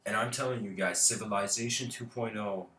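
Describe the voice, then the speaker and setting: A man's voice: on the low side, fairly even intonation, brisk, pushed and bright, recorded from a distance. Rambling man lecturing in an echoey room. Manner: rambling, laughs often, many fillers. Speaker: speaker. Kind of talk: informal spiritual lecture. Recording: roomy echo.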